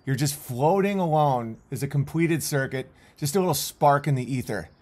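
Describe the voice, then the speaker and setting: A man's voice: a little high, lively intonation, normal speed, darkish tone. A man commentating on video clips in a rambling, intense way, with many restarts.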